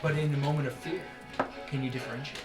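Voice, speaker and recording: A man's voice: fairly high pitch, steady tone, fast talker. A man running a tabletop game as dungeon master, moving between dramatic scene narration and casual rulings. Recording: roomy recording with music.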